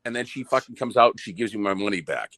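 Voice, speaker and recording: A man's voice: fairly low pitch, fast, dry recording. A man with a Boston accent telling a story on a podcast, swearing often, stammering and repeating words as he goes. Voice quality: profane, stammering, animated retelling.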